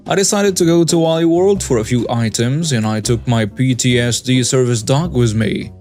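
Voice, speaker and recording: A man in the middle of his range reads first-person stories aloud in a steady, scripted narration. A faint guitar track plays quietly beneath his voice. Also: medium pitch. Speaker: story narrator.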